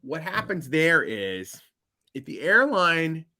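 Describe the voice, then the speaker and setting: A man telling a long anecdote as a podcast guest, animated and building to loud punchlines. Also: on the high side, takes it slowly. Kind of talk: casual storytelling.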